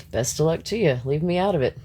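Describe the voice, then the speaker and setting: A man's voice: a little high, darkish tone, slight background noise. Guy ranting on his live stream, blunt and mad, cussing a lot, laughs it off between points. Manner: blunt, confrontational, swears freely; talks back to chat, laughs between points. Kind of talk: live-stream rant to viewers.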